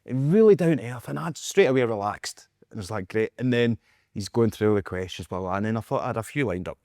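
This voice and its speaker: Animated Scottish man telling a story. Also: lowish voice, quick pace, dry recording, clean studio sound. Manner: animated, acts out quotes, laughs often. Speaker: podcast co-host. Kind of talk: casual storytelling chat. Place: podcast studio.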